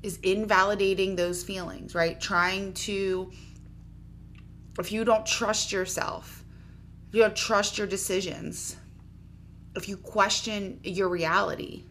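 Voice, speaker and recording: A woman's voice: mid-range voice, a bit bright, slight background noise. A woman, about in her thirties, giving casual self-help advice straight to the listener, frank and swearing now and then. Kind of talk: direct-to-camera advice talk.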